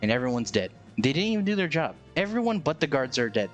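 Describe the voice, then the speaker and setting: A man's voice: medium pitch, big pitch swings, fast, lo-fi sound, soft background music. A man giving a casual, comedic movie recap, rambling and jokey with lots of filler words.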